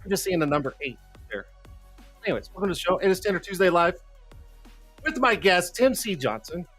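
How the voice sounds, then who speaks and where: The host of a casual live stream has a high, sing-song, fairly bright voice and speaks fairly quickly. He chats loosely, swears freely, and sounds a bit winded, with faint music in the background.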